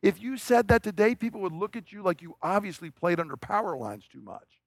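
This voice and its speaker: A man's voice: high-pitched, expressive, fairly quick, no echo. A man preaching a sermon in a conversational, storytelling way, often asking the congregation rhetorical questions.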